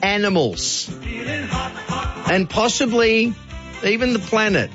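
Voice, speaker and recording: A man's voice: sits high, lively intonation, slow, lo-fi sound, music in the background. A man with an Australian accent hosting talkback radio, chatty and playful, joking with callers. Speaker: radio host.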